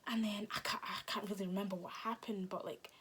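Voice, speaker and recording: Animated young woman telling a storytime. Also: mid-range voice, quick pace, slightly rough. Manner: animated, dramatic storytelling with slang and swearing. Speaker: vlogger. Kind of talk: storytime vlog.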